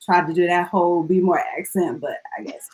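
A woman's voice: lowish voice, steady tone, normal speed, over a noisy crowd, poor audio. A woman hosting a casual chat show and introducing her guest in a chatty way. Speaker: podcast host.

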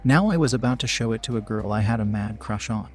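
Man reading a story over soft music. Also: fairly low pitch, quick pace. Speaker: narrator. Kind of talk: reading a first-person story aloud.

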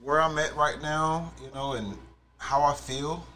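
A man's voice: a little high, steady tone, a little slow, bright, forceful tone. A man co-hosting a casual chat, laid-back and reflective, often trailing off and restarting. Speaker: podcast co-host.

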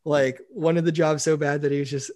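A young man in casual chat, telling animated stories and saying "like" often. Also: a little high, normal speed. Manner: animated storyteller, acts out quotes, says "like" a lot. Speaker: university staff member.

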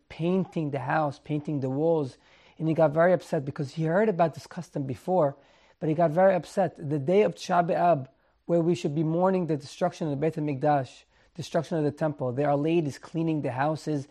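A man's voice: on the high side, mellow. A man, a rabbi and lecturer, telling a sermon story with earnest, sometimes indignant emphasis.

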